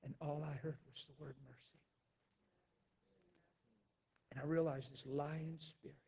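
A man preaching a personal testimony, emphatic and intense, swinging from loud declarations down to hushed, quiet recounting. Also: on the high side, slightly rough. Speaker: pastor. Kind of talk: sermon testimony.

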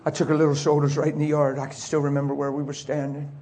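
A man's voice: a little high, monotone, quick pace, mellow. A middle-aged man preaching, telling an emotional personal testimony in a confessional way. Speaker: pastor.

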